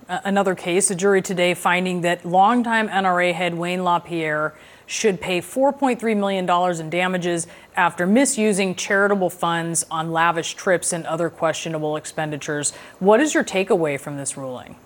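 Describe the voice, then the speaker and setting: A woman anchoring a news program, interviewing a legal analyst in a crisp, questioning way. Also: lowish voice, moderate pace.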